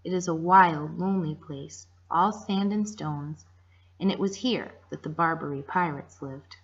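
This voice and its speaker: Casting: gentle woman storyteller, husky, reading aloud for children, lo-fi sound. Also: deep voice, a little slow. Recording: dull lo-fi recording.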